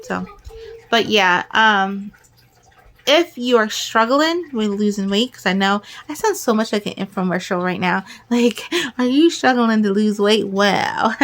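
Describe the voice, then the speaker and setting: A middle-aged woman chatting casually to camera as a vlogger, excitable and rambling, sometimes talking fast and jumbling her words. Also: mid-range voice.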